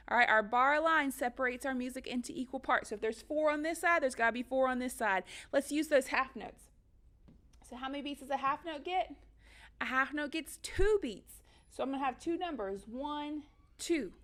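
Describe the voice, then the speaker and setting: A woman's voice: high voice, bright, forceful tone. A woman music teacher giving a recorded lesson for children, upbeat and encouraging, counting beats and chanting rhythms aloud.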